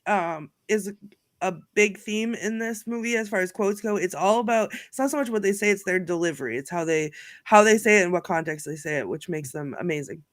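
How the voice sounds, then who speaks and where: A woman recaps her favorite film moments with lively, laughing energy. She sounds like a co-host in a relaxed group chat. The sound is dry, with no room around it. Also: medium pitch, brisk, no room sound. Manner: animated storyteller, laughs often. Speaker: podcast co-host. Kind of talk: casual chat about a film.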